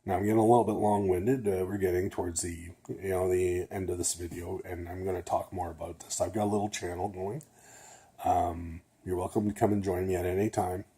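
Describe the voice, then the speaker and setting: A man's voice: sits low, steady tone, a little fast, dark tone, husky. An older man, a retired nurse, talking casually to camera in a rambling way, a little nasal and often checking in with "okay?". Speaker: vlogger.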